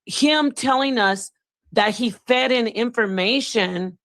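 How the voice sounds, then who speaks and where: A woman hosting a livestream, musing in a reflective, expressive way about consciousness and spirit. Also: on the high side, slow, no echo. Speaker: live stream host. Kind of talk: casual livestream chat.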